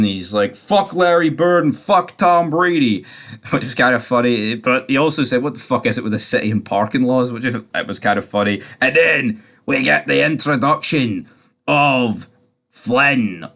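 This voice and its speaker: Low-voiced man recapping TV. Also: fairly bright tone. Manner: rambling, frequent fillers and swearing. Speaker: TV series reviewer. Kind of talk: casual episode recap.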